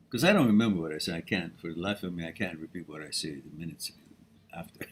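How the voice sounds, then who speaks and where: A man's voice: sits low, a little hiss or hum. Blunt man hosting a live Q&A. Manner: blunt, frank, swears casually, laughs often. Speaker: host answering viewer questions. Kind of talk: live-stream Q&A.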